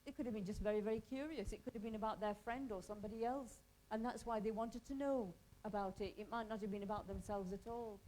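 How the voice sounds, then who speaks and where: A woman's voice: mid-range voice, steady tone, quick pace, hardly any pauses, warm tone, a little hiss or hum, rough recording. A woman from Pakistan teaching a hospital volunteer workshop, talking conversationally and quizzing the group in a training room.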